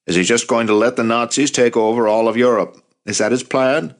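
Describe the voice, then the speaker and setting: A man voicing an older, brisk wartime president with a clipped, exasperated manner in an audiobook. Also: medium pitch, fairly even intonation, pitched above the performer's own voice, lightly acted. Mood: impatient.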